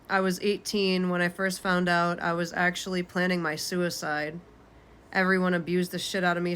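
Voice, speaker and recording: A woman's voice: fairly low pitch, sharp tone. A woman in her twenties reading her own journal aloud, candid and unfiltered, swearing casually. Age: 20s. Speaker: vlogger.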